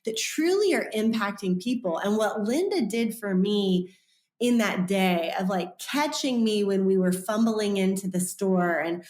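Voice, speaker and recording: A woman in her thirties tells a personal story as a podcast guest, acting out each voice with a lively bounce. Her voice sits mid-range. The room gives it a noticeable echo. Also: medium pitch, a little slow. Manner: animated, acts out quoted voices. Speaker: author and guest.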